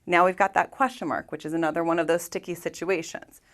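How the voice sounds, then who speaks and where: A woman's voice: lowish voice, steady tone, fast. A woman teaching an English grammar lesson, patiently walking through examples step by step and asking rhetorical questions.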